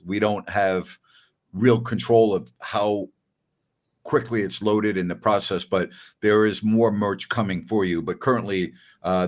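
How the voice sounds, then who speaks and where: An older man hosting a sports call-in show, blunt and emphatic when he argues. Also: lowish voice. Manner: blunt, gets loud and emphatic when arguing. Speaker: sports radio host.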